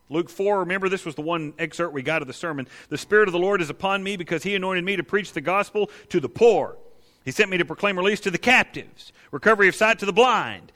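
A man preaching a sermon, acting out the people in his stories, swinging between loud emphasis and hushed, low asides. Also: long reverb tail. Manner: dramatic, acts out quoted voices, swings from loud to hushed. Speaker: pastor.

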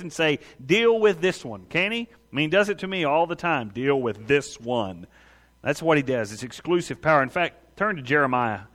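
Higher-voiced man preaching a sermon. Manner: animated preaching with quick acted voices; asks the congregation for amens. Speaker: pastor.

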